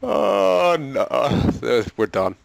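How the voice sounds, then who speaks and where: A man's voice: fairly high pitch, very animated, very slow, gravelly, no room sound. Exasperated man commenting on a hockey game. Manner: exasperated, pleading with his team, frequent laughs and sighs. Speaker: gaming commentator. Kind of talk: let's-play commentary.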